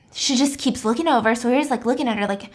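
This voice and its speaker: A woman's voice: on the high side, quick pace. A young woman hosting, telling a true crime story in a chatty, casual way with lots of fillers. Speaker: host.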